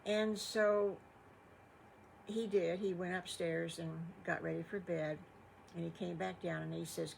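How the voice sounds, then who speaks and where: A woman's voice: on the low side, steady tone, slow, creaky, pauses often, a little hiss or hum, poor audio. An older woman telling improvised children's stories, folksy and rambling. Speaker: grandmother storyteller. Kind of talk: improvised bedtime storytelling.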